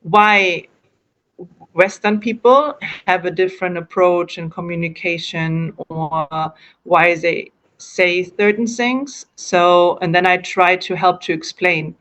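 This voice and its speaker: A woman's voice: on the low side, steady tone, takes it slowly, a bit bright. A woman from Germany with a German accent, answering interview questions in English in a casual, hesitant way, often restarting and correcting herself as she explains.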